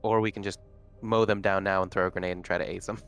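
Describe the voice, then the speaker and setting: Eager low-voiced man at a game table. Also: little pitch movement, quick pace, a bit bright, smooth, soft background music. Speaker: player. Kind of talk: casual table talk.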